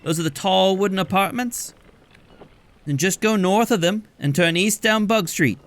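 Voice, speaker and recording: A man voicing an evasive, brisk female water genasi barkeep in a high, chirpy falsetto. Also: a bit bright. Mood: breezy.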